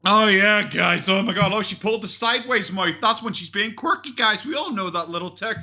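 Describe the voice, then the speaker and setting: This man's voice is high-pitched and sharp, and he talks a little fast. He's a commentary YouTuber mocking a vlog in a reaction video, laughing and cursing frequently into a desk USB mic.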